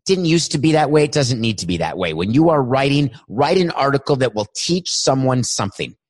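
A man's voice: medium pitch, big pitch swings, brisk. A man hosting his own podcast, talking solo in a worked-up, emphatic way and stretching words for emphasis. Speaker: podcast host. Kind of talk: energetic solo podcast monologue.

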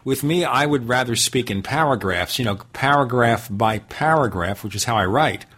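A man's voice: mid-range voice, lively intonation, moderate pace, a bit bright, husky. A man hosting a talk show, asking a guest questions and pushing back on his answers. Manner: inquisitive, pushes back with questions. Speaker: host. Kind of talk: interview conversation.

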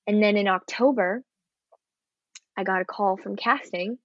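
An earnest young actress tells her story in a casual interview, lively and sincere. The recording is dry with no room sound and slightly muffled. Her voice sits in a middle range for a woman. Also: medium pitch, unhurried, no echo. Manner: earnest, animated storytelling with acted quotes and laughs. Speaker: actress guest.

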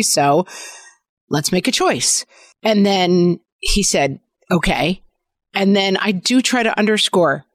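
This podcast co-host, a woman in her forties with a fairly low voice, chats casually and recounts stories about raising her kids at home. The recording is dry and studio quality.

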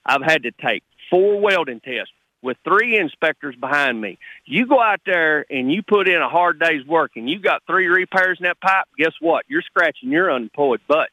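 A man's voice: fairly high pitch, animated, normal speed, pushed and bright, no room sound, poor audio. A middle-aged man, a radio caller talking in a blunt, fired-up, rambling way. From Texas. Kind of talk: call-in radio talk.

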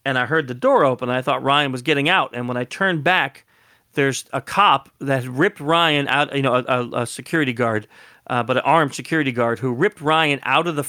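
A man who works as a security consultant tells a lively story in an interview, laughing often and acting out the quotes. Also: mid-range voice, no echo, clean studio sound.

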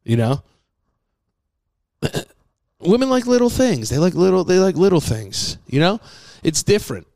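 A man hosting a comedy podcast, rambling playfully with plenty of swearing and now and then dropping to a hushed voice. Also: high voice, big pitch swings, unhurried, long pauses, dry recording, clean studio sound. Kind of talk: improvised comic singing and rambling chat.

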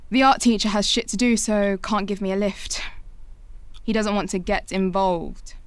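An actress narrating a radio drama as a young woman looking back on her family, in a slow, quiet, reflective first-person voice. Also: medium pitch, steady tone, smooth, no echo, lightly acted. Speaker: lead narrator of an audio drama.

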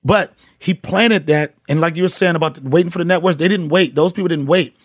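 A man's voice: a little high, fairly quick, no echo, clean studio sound. Emphatic man telling comedy stories. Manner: emphatic, profane storytelling. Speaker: comedian guest. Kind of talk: casual podcast chat.

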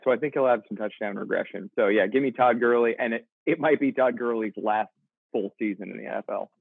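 A man's voice: fairly low pitch, no room sound. A man co-hosting a casual fantasy football podcast, blunt and opinionated. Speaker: podcast co-host. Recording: tinny phone-like remote line.

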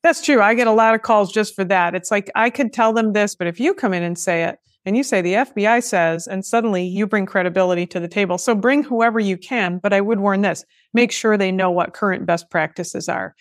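A woman's voice: mid-range voice, fairly quick, few pauses, dry recording, studio quality. A woman hosting a podcast, chatting casually with self-deprecating asides. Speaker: podcast host. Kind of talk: casual interview chat.

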